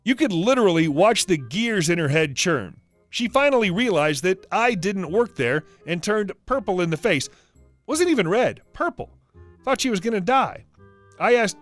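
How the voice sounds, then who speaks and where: Lively man reading stories over music. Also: high-pitched, moderate pace, no echo. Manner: lively storytelling with acted quotes. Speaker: narrator. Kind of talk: reading reddit stories aloud.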